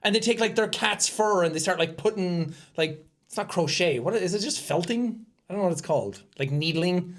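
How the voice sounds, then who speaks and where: A man co-hosting a podcast in casual comedic chat, animated and giggly, full of crude jokes. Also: high-pitched, fairly quick, few pauses. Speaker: podcast co-host.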